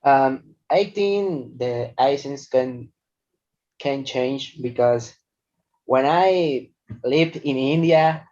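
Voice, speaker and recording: Very slow, hesitant young-sounding man. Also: medium pitch, darkish tone. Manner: hesitant, searches for words, casual "bro". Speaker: interviewee. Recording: dull lo-fi recording.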